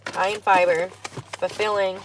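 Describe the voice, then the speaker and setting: A woman's voice: medium pitch, little pitch movement, moderate pace, background noise. A young woman chatting casually and laughing as she eats in her parked car. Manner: chatty, laid-back, laughs often, talks while eating. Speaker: vlogger. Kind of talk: casual vlog chat while eating.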